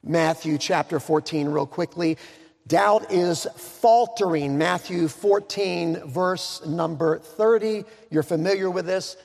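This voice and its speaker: Male preacher, high gravelly voice, dramatic sermon with joking asides, reverberant hall. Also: a little mellow. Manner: dramatic, slows down to stress words, joking asides.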